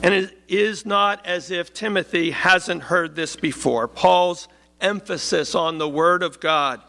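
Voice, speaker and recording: A man preaching a sermon in a measured, emphatic way, slowing down to stress key phrases. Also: high-pitched, vocal fry, bright, forceful tone.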